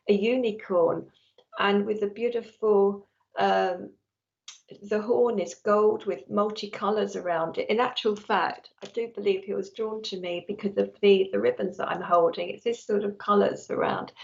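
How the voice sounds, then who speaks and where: A woman's voice: mid-range voice, gravelly. A woman psychic medium giving a live reading to a viewer, chatty and affectionate, often restarting her sentences. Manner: chatty, warm, frequent restarts. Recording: dull lo-fi stream audio.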